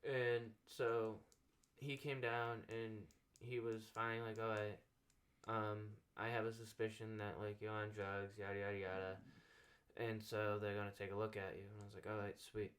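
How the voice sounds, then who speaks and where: A man's voice: lowish voice, level tone, normal speed, fairly bright tone. Young man rambling through a story. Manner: rambling anecdote full of "like" fillers, acting out quoted dialogue. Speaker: podcast host. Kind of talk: casual storytelling chat.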